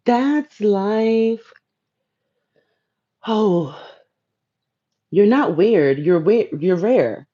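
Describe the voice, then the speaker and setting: A woman's voice: low-pitched, slow pace, mellow, dull audio. A woman hosting a casual spiritual livestream, laid-back and playful, talking straight to viewers in her chat. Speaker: livestream host.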